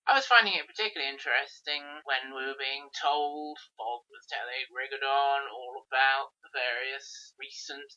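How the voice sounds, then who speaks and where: A woman co-hosting a podcast, explaining plot points at length in a measured way. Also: low-pitched, pushed and bright. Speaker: podcast co-host. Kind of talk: casual chat about old TV. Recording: slightly muffled podcast audio.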